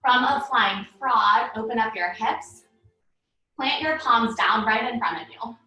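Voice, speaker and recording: A woman teaching a live online yoga class, cueing breaths and poses in a calm, paced way while out of breath. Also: fairly high pitch, a little slow. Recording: echoey room from far off.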